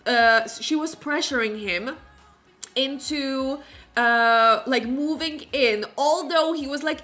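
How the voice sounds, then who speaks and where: A woman streamer chatting casually through a gameplay session, exclaiming often and filling pauses with "like" and "um". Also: on the high side, lively intonation, a bit bright. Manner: chatty, exclamatory, many fillers. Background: faint game music.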